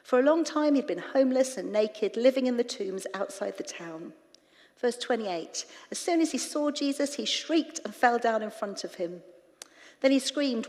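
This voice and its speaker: A woman preaching in church, retelling scripture with lively, animated asides to the congregation. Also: a little high, moderate pace. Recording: reverberant church hall.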